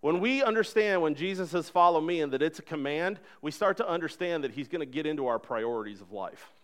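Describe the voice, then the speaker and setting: A man in his thirties preaching a sermon in a church, conversational and animated, acting out little dialogues. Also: a little high, a little fast. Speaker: pastor. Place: church sanctuary.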